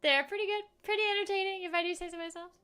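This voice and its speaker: A woman's voice: very high-pitched, very fast, pushed and bright. Playful, bubbly woman streaming a game. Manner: playful, bubbly, repeats phrases in silly voices. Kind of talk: casual gameplay chat.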